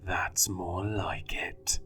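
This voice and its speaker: A man performs a sinister spirit in a horror story that hisses every threat in a slow, mocking whisper. It sounds low and close, menace dragged out across every word. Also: fairly even intonation, sharp tone, soft background music, exaggerated voice. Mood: menacing. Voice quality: hissing whisper. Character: sinister whispering male spirit, taunting and cruel.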